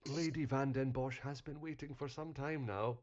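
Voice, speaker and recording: A man playing a brisk, officious house butler. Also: mid-range voice, fairly even intonation, background noise, lightly acted. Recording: dull lo-fi game audio.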